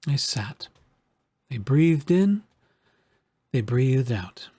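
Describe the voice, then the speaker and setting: Man, children's storybook reading, husky, calm, measured, mid pitch. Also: no room sound. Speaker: narrator.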